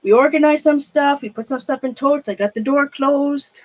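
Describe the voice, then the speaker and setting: A woman's voice: sits high, normal speed, few pauses. A woman chatting casually to her live-stream viewers. She rambles, often trails off and restarts mid-sentence, and laughs at herself a lot. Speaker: craft room vlogger.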